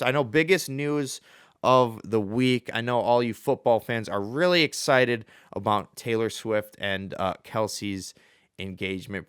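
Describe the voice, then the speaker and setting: A man's voice: lowish voice, fairly bright tone, clear, resonant tone, no echo, studio quality. A young man hosting a casual solo sports show, chatty and jokey, with fillers and self-corrections. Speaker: sports podcast host.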